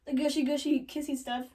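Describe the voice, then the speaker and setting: Sarcastic young woman, high and off-mic. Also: level tone, dark tone, recorded from a distance, low-quality recording. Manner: valley-girl casual, sarcastic asides, quick quoted voices. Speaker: comedic storyteller. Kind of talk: joking retelling of a classic play.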